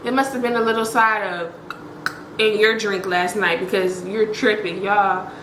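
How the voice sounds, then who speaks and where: A woman's voice: medium pitch, fairly even intonation, measured pace, a bit bright, reverberant, slight background noise, poor audio. A young woman vlogger telling a dramatic personal story straight to her viewers, blunt and profane.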